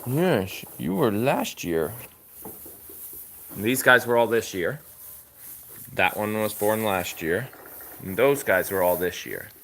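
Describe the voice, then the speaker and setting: A man's voice: fairly low pitch, very animated, slow, gravelly, long pauses, a bit bright, slight background noise. A man hosting a live stream from a farm, doing chores in the barn and talking fondly to the animals as he goes. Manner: chatty, talks fondly to the animals.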